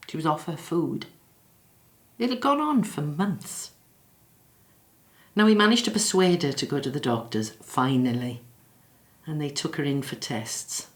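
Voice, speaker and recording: A woman playing a low-voiced grieving Welsh mother. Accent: South Welsh. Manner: halting, reflective, apologetic, close to tears. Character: grieving middle-aged Welsh woman, practical and tender. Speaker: bereaved daughter interviewed in her office. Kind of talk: filmed drama monologue. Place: quiet office after hours.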